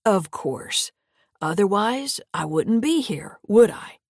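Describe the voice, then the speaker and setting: A woman voicing a smooth-talking, menacing old grandfather who speaks low and slow. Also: lively intonation, no room sound, clean studio sound. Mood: dismissive.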